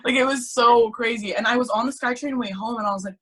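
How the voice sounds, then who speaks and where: A teenage girl in casual chat, telling her story in an animated way with lots of filler words. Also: fairly high pitch, fast talker, slightly rough. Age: teens. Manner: chatty, animated storytelling with many "like"s. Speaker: guest.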